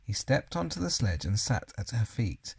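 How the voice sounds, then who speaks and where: A man's voice: on the low side, big pitch swings, normal speed, vocal fry, darkish tone, slightly rough. A man reading a children's novel aloud, plainly and with the odd slip and self-correction. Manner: unpolished reading, occasional slips and self-corrections. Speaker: reader.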